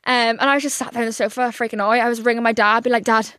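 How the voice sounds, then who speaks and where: A young Northern Irish woman hosts a podcast and tells a story in a fast-wandering way. She swears freely and stacks up filler words as she vents. Her voice sits a little high, recorded dry and close on a studio mic. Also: dry recording. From Northern Ireland. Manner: rambling, heavy on filler words, swears freely, animated venting. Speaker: podcast host. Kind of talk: casual storytelling monologue.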